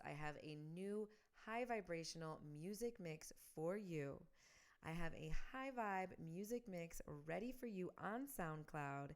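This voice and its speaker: A woman's voice: low-pitched, smooth. A woman hosting a spiritual podcast, speaking with enthusiasm and affirmation as she leads listeners through rituals and repeated affirmations. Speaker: podcast host.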